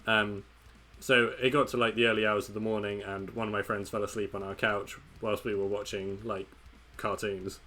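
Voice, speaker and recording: A man hosting a casual chat show, easygoing and quick to laugh. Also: lowish voice, level tone, pushed and bright, slight background noise.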